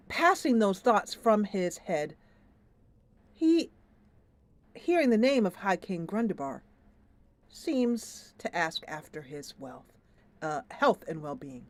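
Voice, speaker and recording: A woman's voice: medium pitch, big pitch swings, takes it slowly, pauses often. A woman streamer narrating a story-driven fantasy video game aloud, thoughtful and musing.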